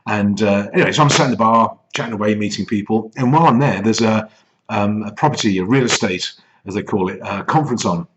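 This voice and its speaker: A man's voice: fairly low pitch, fast, fairly bright tone. English man, middle-aged, chatty self-deprecating storyteller, dull lo-fi audio with faint hiss. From England. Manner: rambling, self-deprecating, chuckling. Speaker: business coach. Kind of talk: casual anecdote.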